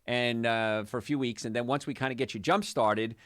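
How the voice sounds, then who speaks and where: A man's voice: mid-range voice, brisk, fairly bright tone, no room sound, studio quality. A man hosting a call-in health radio show, chatty, upbeat and jokey, rambling from one point to the next. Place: radio studio.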